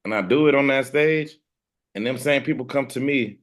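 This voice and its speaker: A man speaks as the guest in a casual interview, with a voice of ordinary middle pitch. He talks about his music career in a blunt, boastful, streetwise way. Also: normal speed. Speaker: hip hop artist guest. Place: room with ceiling fan and air conditioner.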